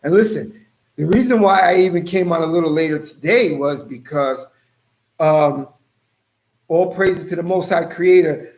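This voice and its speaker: Brief: male livestream host, slightly high voice, loose and joking, chats to viewers by name. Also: normal speed, a little mellow. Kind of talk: casual livestream chat.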